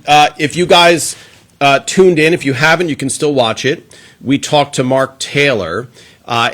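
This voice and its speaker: A man's voice: medium pitch, fairly bright tone. A man hosting a casual live Q&A stream, greeting viewers one by one and chatting with plenty of filler words.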